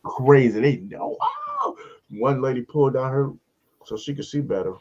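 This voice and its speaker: A man, a comedian hosting a casual show and telling a story, acting out other people in high voices. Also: normal speed, muffled recording. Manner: animated storyteller, acts out voices in high pitch.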